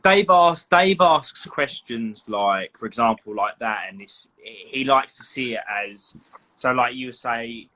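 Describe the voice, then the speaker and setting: Bright-voiced podcast host. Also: male voice, medium pitch, lively intonation, moderate pace. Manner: easygoing, laughs along, rambling explanations. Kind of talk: casual podcast chat.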